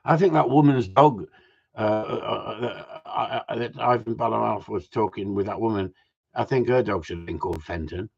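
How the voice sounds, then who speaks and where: A man's voice: on the low side, normal speed, creaky, slightly rough. A middle-aged man hosting a live stream, chatting casually with viewers, swearing a lot and laughing often. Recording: dull lo-fi sound.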